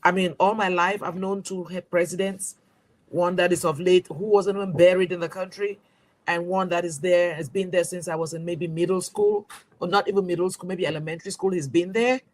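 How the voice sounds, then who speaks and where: A woman's voice: lowish voice, fairly even intonation, brisk, a little mellow. A woman from Cameroon, a magazine publisher, speaking as an interview guest with emphatic rhetorical questions and frequent restarts. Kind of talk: impassioned interview talk.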